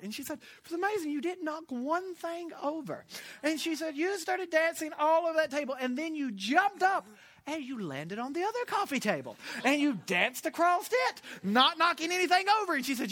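Guy preaching, loud then hushed, really lively voice, bright tone. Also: sits high. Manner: animated storytelling, swings from loud to hushed. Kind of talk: sermon.

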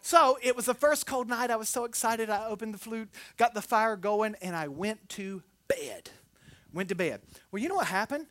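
A woman preaching a sermon, telling personal stories in an animated way and jumping into acted quotes. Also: a little high, brisk.

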